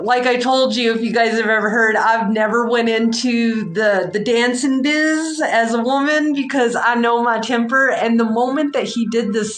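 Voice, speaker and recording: A woman in her forties, a psychic livestream host, telling a story in a frank, rambling, animated way with slang. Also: fairly high pitch. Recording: echoey room.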